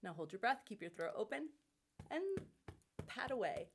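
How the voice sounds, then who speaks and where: A middle-aged woman vocal coach leading a warm-up lesson with upbeat, encouraging instructions. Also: medium pitch, expressive, normal speed, noisy background.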